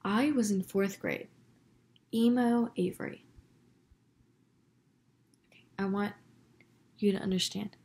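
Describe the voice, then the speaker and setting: A woman's voice: mid-range voice, fairly even intonation, darkish tone. A teenage girl vlogger telling a story to camera in a chatty, casual way. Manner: chatty, quick, quotes people with put-on voices.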